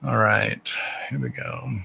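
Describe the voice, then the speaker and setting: Gravelly-voiced man chatting on a live stream. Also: medium pitch, fairly even intonation, takes it slowly, sharp tone, rough recording. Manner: chatty and rambling, swears, talks to his pets. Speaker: psychic reader hosting a live stream. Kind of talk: casual live-stream chat.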